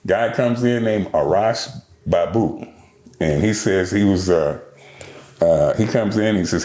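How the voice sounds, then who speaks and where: An older man telling stories as a podcast guest, animated and profane, acting out other people's lines. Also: fairly low pitch, moderate pace, roomy sound. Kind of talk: storytelling interview.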